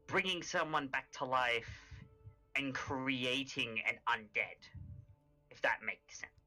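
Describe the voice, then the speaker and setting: A man playing his character at a tabletop game, explaining slowly and deliberately with stumbling restarts. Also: mid-range voice, sharp tone, faint music behind, poor audio. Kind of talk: in-character tabletop role-play.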